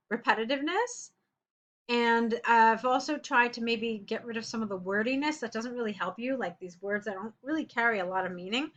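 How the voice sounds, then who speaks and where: A woman's voice: fairly high pitch, sharp tone. A woman English tutor reading a student's essay aloud and correcting it in a chatty, direct way.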